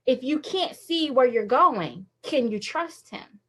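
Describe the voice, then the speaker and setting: This woman's voice is high-pitched and fairly bright, with lively intonation, and she takes her time. In her thirties, she's sharing a candid, emotional inspirational talk on a phone livestream, often laughing as she opens up.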